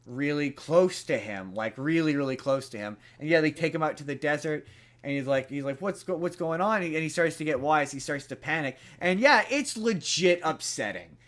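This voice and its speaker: A young man on a casual podcast, slightly higher-pitched than most men. He rambles through a movie plot full of "like" and restarts, getting animated as he goes. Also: moderate pace. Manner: rambling retelling of a movie plot with many fillers. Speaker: podcast co-host. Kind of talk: casual chat.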